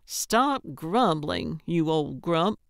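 Woman reading chipper old lady detective, cheeky, unhurried, smooth. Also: low voice, animated, no room sound, studio quality, exaggerated voice. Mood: perky. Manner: perky, cheeky. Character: chipper older woman amateur sleuth.

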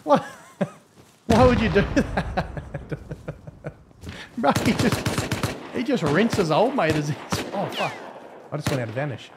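A man's voice: sits high, very animated, takes it slowly, pauses often, noisy background. A young man streaming a game, chatting casually, swearing often, blunt and grumbling between laughs. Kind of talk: casual live-stream chat while gaming.

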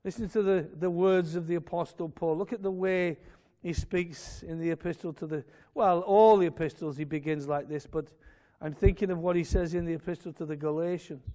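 A man preaching a fervent sermon in a church, swelling to loud emphatic peaks and dropping to quiet asides. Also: on the high side, fairly even intonation, a little fast. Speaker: pastor.

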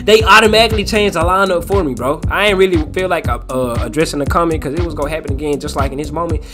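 A man giving live commentary over his own football video game match, excitable and repeating hype phrases over and over. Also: fairly high pitch, fast, over music. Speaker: gaming YouTuber.

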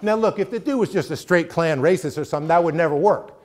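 A man's voice: fairly high pitch, fast. A middle-aged man giving a conversational college lecture, emphatic and often checking in with the audience. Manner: emphatic, keeps checking in with "right?". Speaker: guest lecturer.

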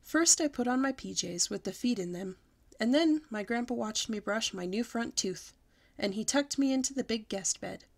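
Lady reading a kids' chapter book out loud, expressive, lively storytime voice. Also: a little high, normal speed, vocal fry. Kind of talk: reading a children's book aloud.

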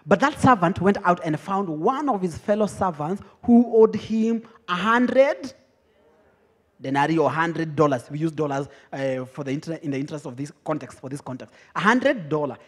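A young man with a Kenyan accent preaches a teaching sermon in a high, husky voice. He keeps it lively, teasing his listeners and laughing often as he explains the passage. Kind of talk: teaching sermon, mixing English and Swahili.

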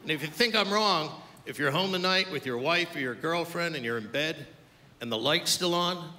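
Recorded live in a roomy comedy club full of loud crowd noise, an older man banters with the audience in crude, brash crowd work. His voice is on the high side, moving at normal speed.

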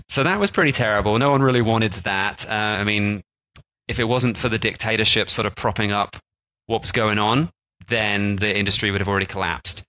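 On a travel podcast, this co-host talks in a lowish, sharp-toned voice, keeping things casual with frequent "like"s and restarts. The recording quality is rough.

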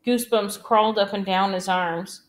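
A woman narrating a novel as an audiobook, with a steady, even storytelling delivery. Her pitch sits in the ordinary middle range. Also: normal speed. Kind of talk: scripted narration.

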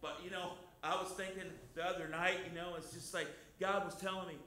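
High bright-voiced pastor guy, folksy sermon, loud then soft, big echoey church room. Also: flat delivery, brisk. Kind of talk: informal sermon. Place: church hall. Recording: very echoey room, faint noise.

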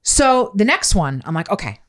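A woman in her thirties shares a story in casual podcast chat. Her voice sits low and her words come fast. She swears often and acts out other people's lines with animation. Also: sing-song, fairly bright tone. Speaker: podcast co-host telling a birth story.

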